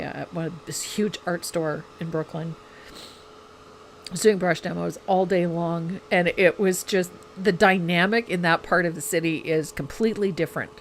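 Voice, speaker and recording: Woman painting teacher, low voice, chatty and enthusiastic, casual demo talk. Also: slight background noise. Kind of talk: casual chat and painting demonstration.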